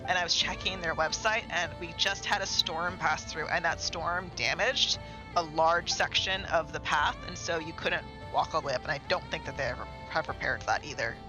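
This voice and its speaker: A man's voice: fairly high pitch, moderate pace, poor audio. A man streaming a game live, chatting casually and rambling to himself and his chat. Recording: game music clearly behind.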